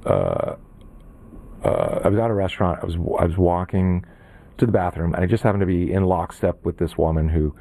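A man telling a comic anecdote, jumping into high voices for the people he quotes. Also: fairly quick, creaky, no room sound. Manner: animated storytelling, high-pitched quoted voices. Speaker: guest in a played clip.

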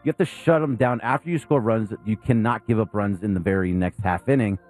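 A man co-hosting a casual sports talk show, blunt and animated in his opinions. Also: fairly low pitch, a little fast, soft background music. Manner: blunt, animated, mocks players with put-on whiny voices. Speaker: sports radio co-host.

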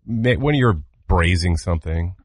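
A playful male co-host from Massachusetts with a low voice that moves a lot in pitch. He is recorded close and dry, and he chats loosely with friends. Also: expressive, a little slow, dry recording. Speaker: podcast co-host. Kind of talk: casual chat.

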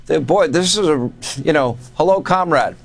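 A man's voice: a little high, animated, normal speed, vocal fry. Man hosting a cable news talk show. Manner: chatty, amused, conversational.

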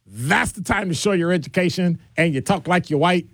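A middle-aged man hosting a casual call-in radio show, talking in a digressive, animated way. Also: brisk, hardly any pauses, no echo, studio quality. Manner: animated, digressive, jumps between deep and high voices. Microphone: studio microphone.

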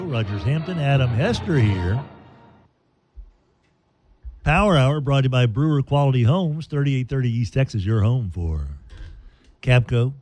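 A man's voice: mid-range voice, a little mellow. A male talk radio host rambles happily through live sponsor reads. He talks in a casual, conversational way and restarts sentences as he goes. Faint music sits underneath.

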